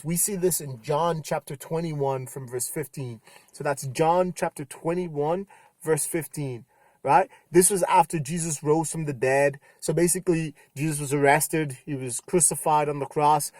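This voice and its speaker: A young adult man giving a casual youth sermon, retelling scripture with animated quoted voices. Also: fairly high pitch, no echo. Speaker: youth pastor.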